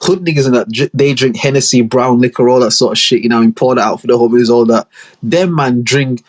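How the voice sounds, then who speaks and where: A young man from holds forth alone on his podcast, loose and slangy, and he keeps slipping into mocking impressions. His voice sits mid-range and sounds somewhat husky. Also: medium pitch, brisk. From Leeds, northern England. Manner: casual, slangy, animated storytelling with mocking impressions. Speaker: podcast host. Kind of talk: solo podcast monologue.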